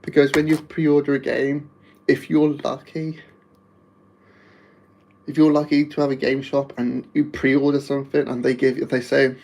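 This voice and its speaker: Wolverhampton guy rambling on his live stream, gravelly bit of fry, laughs a lot. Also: medium pitch, flat delivery, moderate pace, darkish tone, a little hiss or hum, poor audio. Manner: rambling, chatty, laughs often. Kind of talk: casual live-stream chat.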